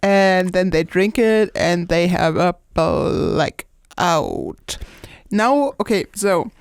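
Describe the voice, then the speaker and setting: A woman's voice: fairly low pitch, very animated, drawn-out words, clear, resonant tone, no echo. Tipsy laughing woman, dry close sound. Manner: laughing, scattered, trails off. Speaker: podcast co-host. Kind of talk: tipsy casual chat.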